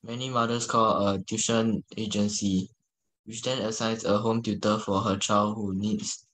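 Student guy reading a text out, slow and careful, lowish voice. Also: level tone, fairly bright tone, slight background noise, poor audio.

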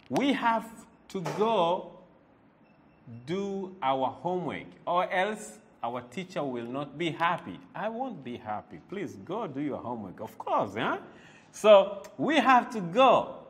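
Man, language teacher, slow deliberate delivery, repeats words, quizzes the listener, high voice. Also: fairly bright tone. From Tanzania. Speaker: Swahili teacher. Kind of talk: language lesson.

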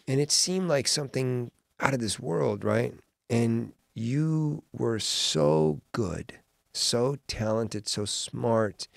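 A man hosting a podcast, telling a lively travel story in casual chat and acting out other people's voices. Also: fairly low pitch, gravelly, no room sound, clean studio sound. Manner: animated storyteller who acts out quoted voices. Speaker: podcast host.

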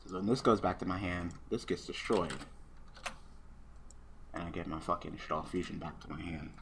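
A man with a fairly low voice talks through an online card duel in loose, casual commentary. He swears constantly and swings from quiet muttering to loud ranting. A faint hiss of noise sits under the recording. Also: moderate pace, creaky. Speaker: gaming channel host.

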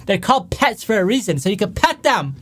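A man's voice: sits high, sing-song, a little fast, a bit bright, breathy edge. A young man doing casual reaction commentary, rambling and correcting himself as he goes, often chuckling. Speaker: YouTube commentator.

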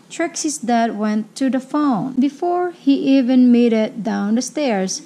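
A woman reading a children's picture book aloud, slowly and carefully. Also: a little high, animated, dark tone. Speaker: storybook reader.

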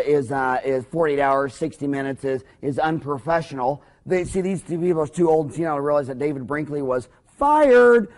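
A man giving a business lecture for dentists, rambling through jokes and anecdotes. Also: fairly high pitch. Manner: animated, joking, rambling storyteller. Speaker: dental practice lecturer.

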